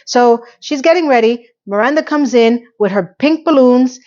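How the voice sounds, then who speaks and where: A woman's voice: on the high side, normal speed, darkish tone. A woman vlogger recapping a TV episode in casual chat, sarcastic and chatty, with the odd curse word. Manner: sarcastic, chatty, occasional cursing. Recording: slightly muffled lo-fi audio.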